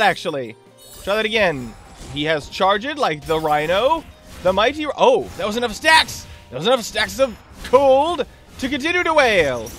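A man's voice: high voice, moderate pace, faint music behind. A man hosting a gaming channel, giving let's play commentary, talking to himself and the enemy, with sudden whoops and yelps while fighting. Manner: excitable, yelps and whoops during combat; talks to the boss and himself.

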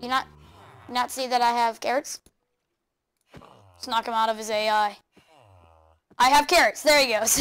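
A woman hosting a video game let's play, excitable, chattering to the game animals and laughing often. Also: on the high side, a little slow, long pauses, smooth. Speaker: gaming channel host.

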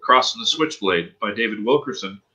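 Bright-voiced man telling his testimony. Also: lowish voice, animated, moderate pace, low-quality recording. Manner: earnest, emotional storytelling. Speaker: interview guest. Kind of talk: personal testimony in interview.

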